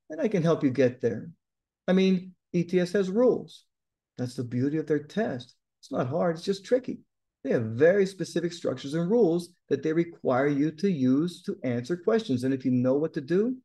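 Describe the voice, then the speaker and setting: A male tutor speaking directly to his students in a lesson. His voice sits a bit high and has a warm, mellow tone. He talks with blunt emphasis and keeps pushing them to do well. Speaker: TOEFL tutor.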